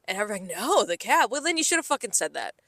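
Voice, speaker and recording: A young woman with a bright, forceful voice venting about her work shifts on a podcast. She mimics customers in exasperated bursts and swears freely. The recording is dry and close. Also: medium pitch, sing-song, very fast, gravelly, no echo. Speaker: podcast co-host, restaurant server. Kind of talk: casual chat.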